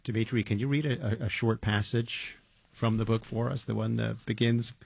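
A male interviewer asks short, friendly questions to prompt his guest. His voice is low, gravelly and raspy. The sound is dry and close to the mic. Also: steady tone, moderate pace, no echo.

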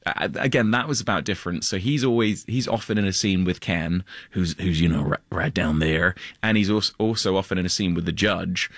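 A man with a deep voice talks haltingly in a casual interview and laughs often. The sound is dry and close. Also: a bit bright, no room sound. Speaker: actor guest.

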